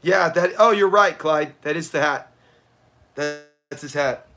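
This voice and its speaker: A man hosts a live watch party, talking casually and reacting as he goes. His voice sits a little high and has a bright, forceful edge. He laughs often and answers viewers from the chat. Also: takes it slowly, faint music behind. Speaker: livestream host.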